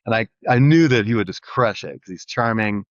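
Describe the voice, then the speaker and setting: A middle-aged man speaks quickly in a lowish voice, piling up restarts as he rambles through his story. The sound is dry and slightly dull, with no room echo. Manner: rambling, energetic, full of restarts. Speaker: guest entrepreneur. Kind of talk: casual storytelling interview.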